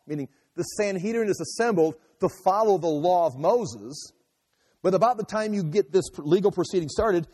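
A man's voice: a little high, a little fast, warm tone. Man preaching in a reverberant hall. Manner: emphatic, repeats himself, restarts phrases. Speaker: pastor. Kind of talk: sermon.

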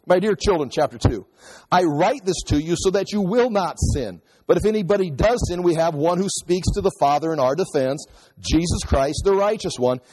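A man with a high-pitched voice delivers a sermon, walking through scripture in a loose, conversational way with quick asides. His voice rings with a long reverb, as if in a large hall. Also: animated, a little mellow. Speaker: pastor.

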